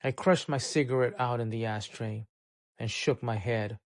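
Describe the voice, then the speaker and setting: A man narrates a noir short story in a measured, unhurried way. His voice sits at an ordinary middle pitch. The recording is dry, with almost no room sound. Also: steady tone, no room sound. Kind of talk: scripted audiobook narration.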